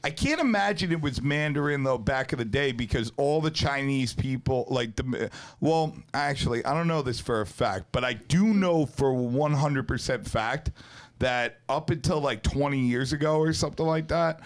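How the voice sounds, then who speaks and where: NYC podcast host, loose and chatty, middle-pitched, swears casually. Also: male voice, normal speed.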